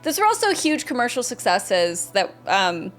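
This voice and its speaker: Young female streamer, bright and upbeat, higher voice, greets viewers by name over soft background music. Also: sing-song, moderate pace. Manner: upbeat, greets and thanks viewers by name, reads chat aloud. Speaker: gaming streamer. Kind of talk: casual live-stream chat.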